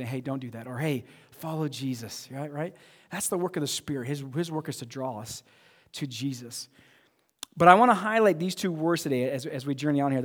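A man with a voice on the high side preaches a sermon as pastor in a church sanctuary, with a long reverb tail trailing his words. He talks casually and conversationally, repeating words and putting questions to his congregation.

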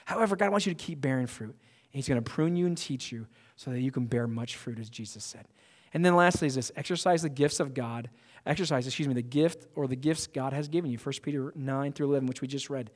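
A man's voice: medium pitch, fast, big-room sound. A male pastor delivering a sermon to his church in an emphatic, conversational way, often restarting his sentences. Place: church sanctuary.

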